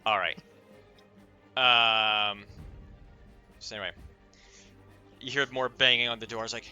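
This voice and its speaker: A man narrating a tabletop game as game master, halting often with filler sounds as he goes. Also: mid-range voice, fairly even intonation, bright, forceful tone, clear, resonant tone, faint music behind.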